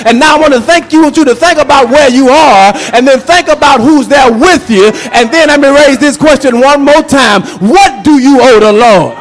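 A man preaching a sermon as pastor, shouting and calling out to the congregation. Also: very high-pitched, normal speed, few pauses. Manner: shouting, preacherly call-and-response.

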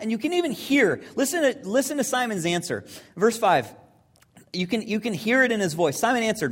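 Pastor preaching casually, story-style, with lots of ums and sometimes going quiet and hushed. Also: mid-range voice, big pitch swings, brisk. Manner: conversational storytelling, hesitant fillers, drops to a hush at serious points. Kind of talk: sermon.

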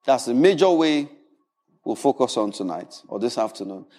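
A man preaching a sermon in an animated, humorous way, often repeating words. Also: medium pitch, normal speed, long reverb tail. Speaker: pastor.

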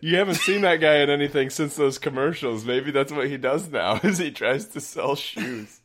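A man bantering in a casual podcast chat, wry and teasing with quick jokes. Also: on the high side, a bit bright.

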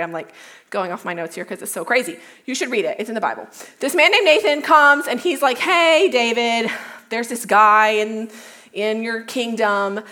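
A young woman giving a casual youth talk, retelling a Bible story in a chatty way with lots of "like" and quick self-corrections. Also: a little high, fairly bright tone. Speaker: youth speaker.

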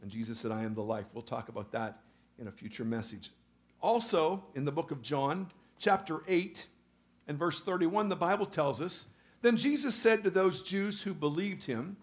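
A male pastor preaching a sermon, reading scripture and building to emphatic, loud peaks. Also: high voice.

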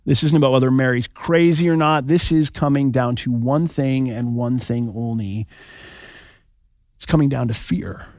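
A man voicing an angel who corrects a frightened man in a firm, quiet way. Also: mid-range voice, moderate pace, no room sound, clean studio sound, close to an everyday voice. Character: calm, firm male angel.

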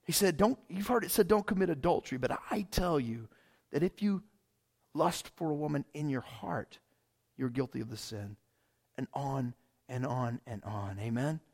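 Casual male pastor, high voice, loose sermon full of restarts, swings from loud to quiet. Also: lively intonation, moderate pace, vocal fry. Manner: conversational, says "man" and "like" often, many restarts; swings between loud emphatic bursts and quiet asides.

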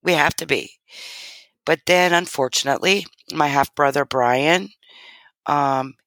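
A middle-aged woman, a guest in an interview, tells a personal story earnestly and from the heart, dramatizing the dialogue she quotes. Her voice sits low and sounds fairly bright, and her pace is measured. No room sound can be heard.

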